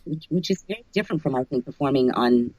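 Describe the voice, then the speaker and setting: A woman's voice: extremely low pitch, lively intonation, fast, warm tone, dry recording, lo-fi sound. A woman who narrates audiobooks, talking casually in an interview, thoughtful and often restarting her phrases.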